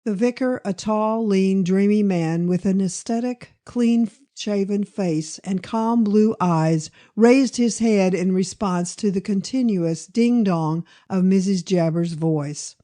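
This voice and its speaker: A woman narrating a classic crime novel in a measured, even storytelling manner. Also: mid-range voice. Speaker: audiobook narrator. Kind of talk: scripted narration.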